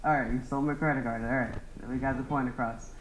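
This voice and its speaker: A man's voice: medium pitch, fairly even intonation, fast talker, reverberant, slight background noise, poor audio. A young man doing a rambling stand-up roast of his friends, laughing at his own jokes. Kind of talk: open-mic roast set.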